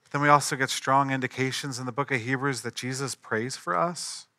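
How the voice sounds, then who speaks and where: Man, pastor, sermon, earnest, emphatic, conversational asides, bright tone. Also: medium pitch, steady tone, brisk, no room sound.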